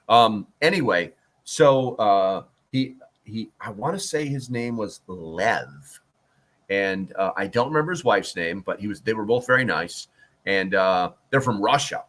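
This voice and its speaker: A man's voice: lowish voice, fairly bright tone. A man hosting a casual livestream chat, rambling and joking, with lots of fillers and restarts as he reads out the chat. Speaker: prepper livestream host.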